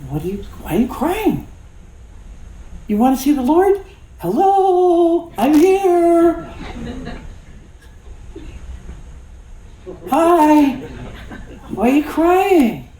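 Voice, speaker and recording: A man voicing the risen Jesus, gentle and playful, in a high voice. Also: wildly swooping pitch, moderate pace, long pauses, a little hiss or hum, full character voice. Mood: gently teasing. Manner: high, bright, playful greeting. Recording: echoey church hall.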